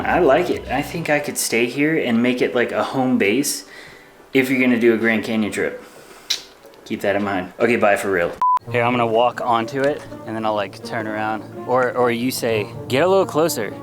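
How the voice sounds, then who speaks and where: A man's voice: medium pitch, normal speed, faint music behind. A man chatting casually in a travel vlog, rambling and laughing often. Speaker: travel vlogger.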